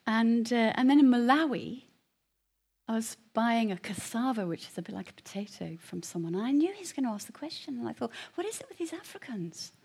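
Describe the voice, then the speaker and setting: A middle-aged woman giving a personal testimony to a congregation, telling her story dramatically and dropping to hushed whispers before rising to loud emphasis. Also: a little high, expressive, a little fast, gravelly, husky. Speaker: guest speaker giving testimony.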